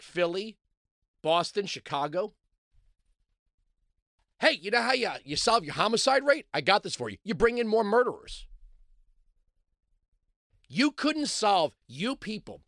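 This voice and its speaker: A male talk radio host delivers a sarcastic, mocking monologue, lurching from loud outbursts to low mutters. The sound is dry and clean, recorded in a studio.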